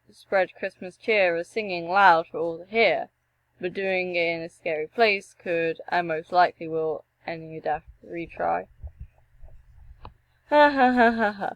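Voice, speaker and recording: A young woman reading a text adventure game aloud and breaking off for joking, animated asides and the odd swear. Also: fairly low pitch, no echo, muffled recording. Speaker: gameplay streamer.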